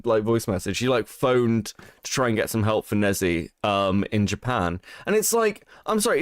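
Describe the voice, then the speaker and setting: A man's voice: a little high, no echo, clean studio sound. A man co-hosting a livestream, mocking and profane, laughing often as he reads out donations. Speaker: podcast co-host. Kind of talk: livestream commentary.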